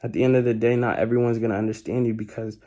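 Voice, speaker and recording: A man's voice: mid-range voice, flat delivery, racing, mellow. A young man giving casual motivational life advice in a laid-back, slangy way, often repeating his key points.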